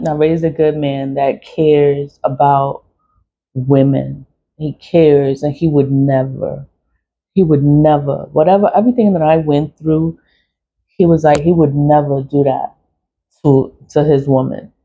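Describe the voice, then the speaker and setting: A woman's voice: low voice, steady tone, a little slow, dark tone, slight background noise. A middle-aged woman, telling a personal story in a blunt, swearing, venting way with laughs. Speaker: vlogger. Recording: dull lo-fi audio.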